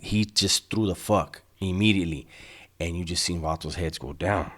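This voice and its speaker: A middle-aged man with a very low voice. He tells a story in a laid-back, streetwise way, heavy on slang and swearing. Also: lively intonation, moderate pace, a bit bright. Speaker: channel host telling prison stories. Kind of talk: casual storytelling to viewers.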